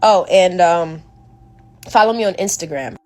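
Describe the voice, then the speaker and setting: A woman's voice: lowish voice, unhurried. A woman telling a scary story in a casual way, talking straight to her followers.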